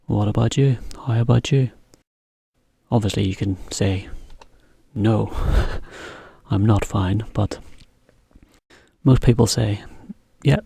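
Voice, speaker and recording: Slow, gravelly male English teacher. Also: fairly low pitch, steady tone, warm tone, no echo. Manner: slow, careful, repeats example phrases. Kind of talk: slow spoken English lesson for learners.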